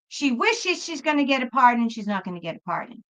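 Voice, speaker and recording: A woman's voice: a little high, very animated, fairly quick, a bit bright. A woman hosting a tarot reading livestream, talking casually and reassuringly to her viewers, whom she calls folks. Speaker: tarot reader and livestream host.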